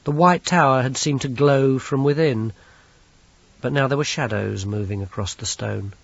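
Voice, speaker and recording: A man reads an audiobook in a measured storytelling manner, his voice slightly husky. The sound is dry with no room around it and comes across dull and lo-fi. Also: mid-range voice, no room sound. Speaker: audiobook narrator. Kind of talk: scripted narration.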